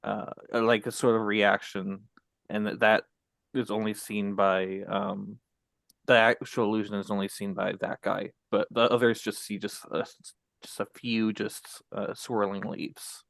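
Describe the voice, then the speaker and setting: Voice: sits low, little pitch movement, measured pace, creaky, dry recording. Tabletop player, hesitant questions, dry close sound. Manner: hesitant, asking rules questions. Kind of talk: tabletop game play.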